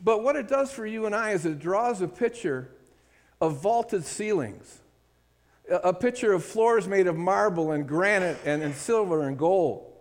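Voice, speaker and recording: A man's voice: sits high, animated, measured pace. A man preaching a sermon, speaking emphatically and calling for amen from the congregation. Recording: hall with long reverb.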